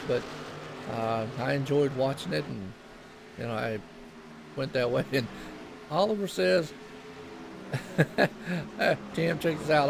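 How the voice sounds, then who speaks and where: A man's voice: a little high, gravelly. Chatty Southern-accented man, noisy background. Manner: chatty, laughs often, repeats words. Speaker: race commentator. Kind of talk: casual race broadcast commentary.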